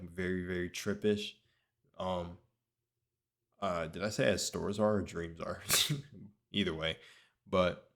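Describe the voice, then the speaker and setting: A young man telling a long story in a rambling, casual way, full of filler words and restarts. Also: deep voice. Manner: rambling, lots of filler words, self-correcting. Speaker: vlogger.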